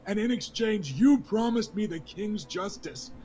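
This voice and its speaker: A man's voice: high-pitched, expressive, unhurried, a little mellow. A man voicing a young, nervous noble lord who pleads for justice, his voice close to breaking. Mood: indignant.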